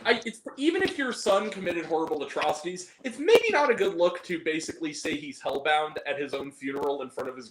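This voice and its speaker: A man with a high, very lively voice talks through a casual film review, laughing often and bursting into acted-out quotes. The sound is roomy and echoey, with a faint hiss of noise underneath. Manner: animated, laughs often, acts out scenes with high-pitched quotes.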